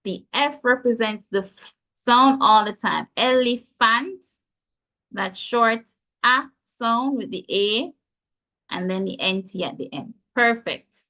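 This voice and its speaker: Jamaican lady teacher, slow and careful, cheering the class on, kinda muffled call audio. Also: fairly high pitch, sharp tone. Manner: encouraging, slow careful spelling-out of sounds. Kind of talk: online class teaching pronunciation.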